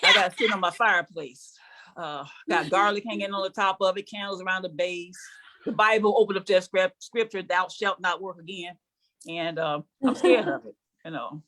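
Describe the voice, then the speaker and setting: A woman's voice: medium pitch, brisk, pushed and bright, slight background noise. An older woman performing a sassy, conversational stand-up comedy set on stage before a live audience, teasing the crowd.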